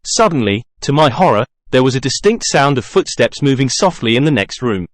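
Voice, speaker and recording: A man narrates an audiobook in first person, in a measured, middle-pitched voice that breaks into dramatic outbursts. He is recorded on a close studio mic, and the sound is dry with no room around it. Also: very animated, no room sound.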